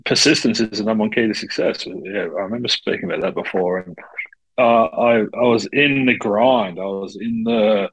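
Man, low voice, coach on a podcast, expressive storytelling, dry close sound. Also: moderate pace, slightly rough, no echo, low-quality recording. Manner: expressive storyteller, swears freely. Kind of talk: casual podcast chat.

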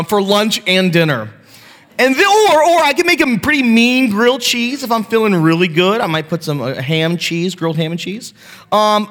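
Holding a handheld mic, a thirtysomething pastor delivers a sermon to his church, swapping self-deprecating family stories in an easy, conversational way. His pitch is high and his tone fairly bright, with long reverb from the sanctuary hall.

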